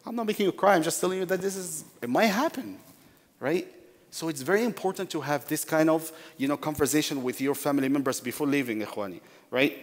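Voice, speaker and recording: A man's voice: fairly high pitch, fast talker. A man teaching a workshop in a sermon-like way, repeating key phrases for emphasis and addressing his listeners as brothers. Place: large mosque hall. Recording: long hall reverb.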